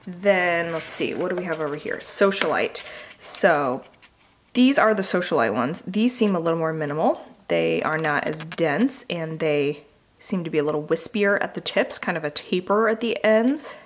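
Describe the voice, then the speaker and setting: A woman with a somewhat low voice unboxes beauty products in a relaxed, chatty way. She talks like a makeup artist, upbeat and full of casual asides. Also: normal speed. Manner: chatty and enthusiastic, with fillers.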